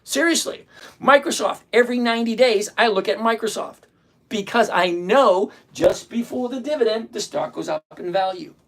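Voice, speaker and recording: A man's voice: sits high, moderate pace, creaky, fairly bright tone. A man hosting a stock-trading livestream, talking bluntly and with exasperation, rattling off countdowns and numbers. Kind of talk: casual livestream talk.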